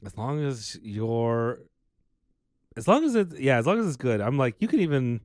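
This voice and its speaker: A man's voice: mid-range voice, sing-song, a little mellow, no echo. Male podcast co-host, wisecracking, mid-range voice that swings a lot, dry booth sound. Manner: joking, cuts in with quick quips. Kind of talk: casual podcast chat.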